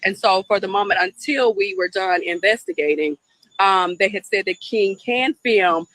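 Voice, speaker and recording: A man in a reality show interview clip, calmly explaining what happened. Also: sits high, moderate pace, no echo, rough recording. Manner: calm, explaining account.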